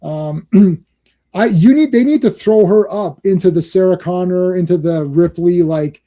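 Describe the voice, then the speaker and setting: A man's voice: high-pitched, measured pace, dark tone. A man hosting a podcast in casual chat, rambling and enthusiastic, often laughing. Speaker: podcast host.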